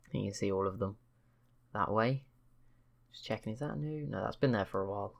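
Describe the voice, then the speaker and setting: A gravelly, fairly low male voice talking a little fast. He hosts a strategy game channel, chatting casually over gameplay in a let's-play style, rambling, correcting himself, and tossing in wry, teasing asides.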